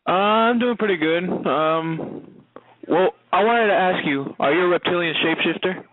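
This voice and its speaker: A man's voice: sits high, moderate pace, no echo. A man calling in to a radio show, talking casually with some hesitation. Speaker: prank caller. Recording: dry phone line.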